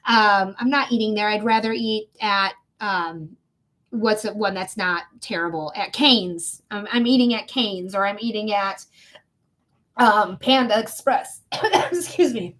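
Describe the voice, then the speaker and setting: A woman's voice: medium pitch, measured pace, a bit bright. A young woman giving a live psychic reading, talking casually and bluntly to the viewer and swearing freely. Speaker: psychic reader.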